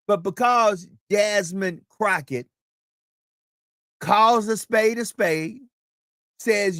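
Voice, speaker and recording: A man hosting a live talk show delivers commentary with preachy conviction, building to near-shouting emphasis. His voice sits on the higher side, and the recording is dry and close, with no room sound. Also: lively intonation, takes it slowly, long pauses, dry recording. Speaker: host.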